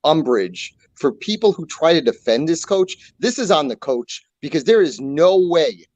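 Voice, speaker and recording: Steady, insistent male caller. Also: on the high side, a little slow, dry recording. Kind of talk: phone-in call.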